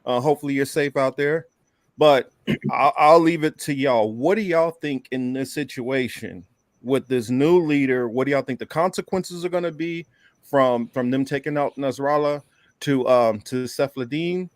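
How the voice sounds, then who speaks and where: A man's voice: mid-range voice, normal speed, no echo. A man co-hosting a political podcast, talking casually and loosely, often restarting his sentences. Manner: loose, conversational, trails off and restarts. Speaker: podcast co-host.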